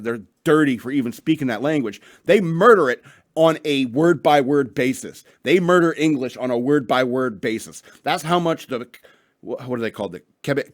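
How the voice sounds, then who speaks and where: A man's voice: mid-range voice, no room sound, studio quality. A man hosting a radio show, ranting and reading news stories in a rambling, profane way with lots of restarts, a bit tipsy.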